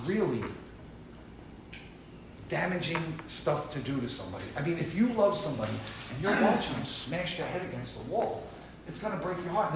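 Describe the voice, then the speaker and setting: A man leading a recovery group talk, speaking emphatically and repeating points for stress. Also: a little high. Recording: echoey room from far off with hiss.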